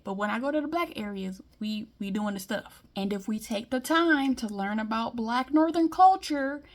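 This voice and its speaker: Woman from Detroit, vlogger; blunt, emphatic, chatty delivery, voice on the high side. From Detroit, US Midwest. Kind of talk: casual monologue commentary.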